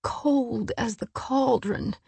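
A woman's voice: a little high, takes it slowly, creaky, dark tone, breathy edge, no echo, full character voice. A woman reading the lines of a determined young woman warrior, freezing and desperate, tense and clipped through chattering teeth. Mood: strained.

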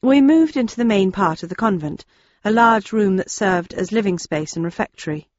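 A woman's voice: mid-range voice, lively intonation, moderate pace, no echo, muffled recording. A woman narrating a novel in the first person, in a dry, wry storytelling manner. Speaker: audiobook narrator.

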